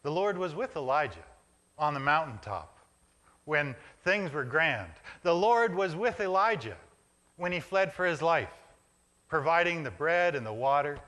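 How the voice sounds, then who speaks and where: A man's voice: a little high, very animated, unhurried, fairly bright tone. A male pastor preaching a reflective sermon in a church, building images in short, repeated phrases. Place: church sanctuary.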